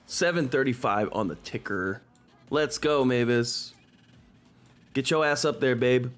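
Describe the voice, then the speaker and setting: A man hosting a live stock market stream, talking excitedly and in exasperation, repeating himself and swearing into a desk microphone. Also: mid-range voice, a little slow, faint music behind. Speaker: stock market livestream host.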